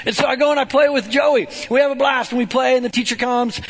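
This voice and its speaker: A man preaching a storytelling sermon in an animated, conversational way, often checking in with "right?". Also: very high voice, fairly quick, hardly any pauses.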